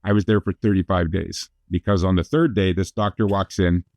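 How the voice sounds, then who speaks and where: This middle-aged Canadian man, a motivational speaker, is a guest on a talk show telling his life story as a jokey, self-deprecating storyteller with quick asides. He has a low, slightly mellow voice with fairly even intonation, in a dry recording.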